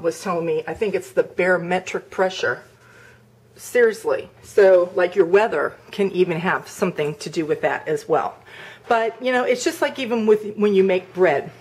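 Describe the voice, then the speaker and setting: Middle-aged woman, home cooking vlogger, loose and rambling, lots of fillers, demonstrating as she talks. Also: medium pitch. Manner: chatty and rambling, full of "like" and "um"; demonstrates with hands while talking. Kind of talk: casual cooking vlog chat.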